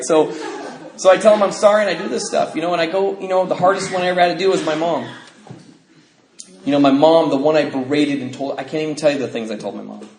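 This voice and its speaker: A man's voice: on the high side, quick pace, vocal fry, darkish tone. A middle-aged American man telling his recovery story to a meeting, acting out voices and laughing often. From United States. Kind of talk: personal testimony talk. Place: convention hall. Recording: roomy hall sound, faint noise.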